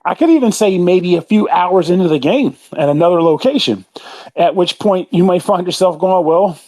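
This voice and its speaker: A man with a slightly high-pitched voice co-hosts a casual podcast chat. He rambles on at length, filling his sentences with fillers and restarts, and is aware of how much he is talking. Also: animated, normal speed, a little mellow. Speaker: podcast co-host.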